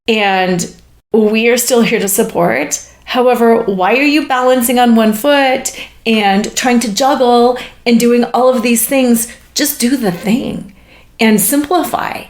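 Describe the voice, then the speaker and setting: A woman hosting a session in which she relays channeled spirit messages, speaking in a halting, searching way and laughing often. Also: fairly high pitch. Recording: echoey room.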